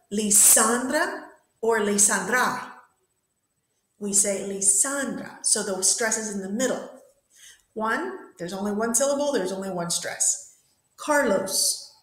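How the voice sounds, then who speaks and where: A woman's voice: a little high, roomy sound, poor audio. A woman teaching an English grammar lesson in a classroom, patiently repeating and spelling out words. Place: classroom with whiteboard.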